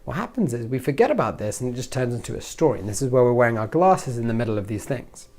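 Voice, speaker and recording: A man hosting a self-help video, talking to camera in a lively motivational way and acting out inner thoughts in hushed voices. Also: medium pitch, fast.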